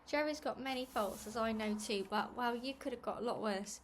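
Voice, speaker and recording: A brassy middle-aged aunt gushes in a breezy, glib way and waves off every worry, as a woman reads her lines. The voice sits fairly high and carries a faint hiss of noise underneath. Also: moderate pace, close to an everyday voice. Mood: dismissive. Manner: gushing, breezy, talks over others.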